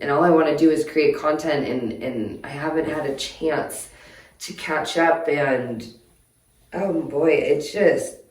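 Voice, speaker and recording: A woman's voice: deep voice, darkish tone. Upset woman vlogging, far from mic. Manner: rambling, halting, upset. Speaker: DIY vlogger. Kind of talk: emotional life-update vlog. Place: outdoors in her yard at night. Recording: echoey, distant from the mic.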